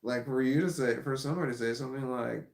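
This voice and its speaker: Gravelly man rambling through chat comments. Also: mid-range voice, fast, roomy sound. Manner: rambling, laughs often, reads comments aloud. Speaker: livestream host reading chat. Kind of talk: casual livestream chat.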